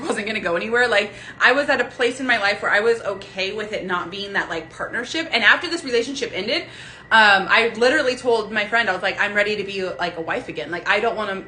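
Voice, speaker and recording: A woman's voice: mid-range voice, pushed and bright, slight background noise, low-quality recording. A young woman talking casually to her viewers on a live phone stream at home, chatty and rambling, with lots of fillers and restarts. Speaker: vlogger. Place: home room lit by a ring light.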